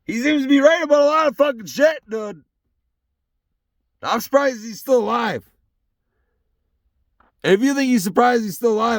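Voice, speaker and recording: A young man talks alone from his truck, ranting loosely and swearing at every turn. His voice sits high and has a gravelly edge. The sound is dry and close, with no room echo. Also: normal speed, long pauses. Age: young adult. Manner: profane, rambling, heated. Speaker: solo podcast host. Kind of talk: casual solo rant.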